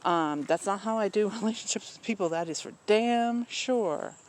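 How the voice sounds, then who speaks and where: A man talking casually and candidly about his personal life, rambling with many pauses and blunt asides. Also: high voice. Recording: faint outdoor noise with crickets.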